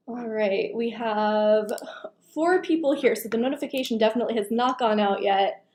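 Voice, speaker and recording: A woman hosting a casual live Q&A, greeting viewers by name in a chatty way, her voice going hoarse as she talks into a computer microphone. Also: a little high, fast talker, darkish tone. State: losing her voice. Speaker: live stream host. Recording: echoey room on a computer mic.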